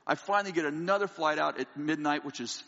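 A man preaching a sermon to a congregation, acting out his own funny story with energy. His voice sits a bit high and rings bright. The sound is dull and lo-fi, with a long reverb from a large hall. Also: fast. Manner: animated storyteller, acts out dialogue, laughs often. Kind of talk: sermon with a humorous personal story.

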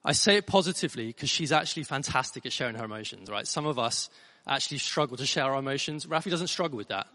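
A middle-aged man preaching a sermon as a pastor, telling a family story with animated, emphatic repetition. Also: medium pitch, quick pace, big-room sound.

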